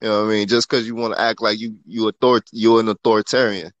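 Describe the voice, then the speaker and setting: A man's voice: on the low side, level tone, fast talker. A man chatting casually in a laid-back, slangy way, often asking "you know what I mean". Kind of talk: casual chat.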